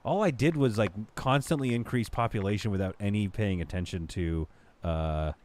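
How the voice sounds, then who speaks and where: A man's voice: on the low side, normal speed, darkish tone. Rambling male streamer thinking aloud. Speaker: gaming streamer. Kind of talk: casual live game commentary.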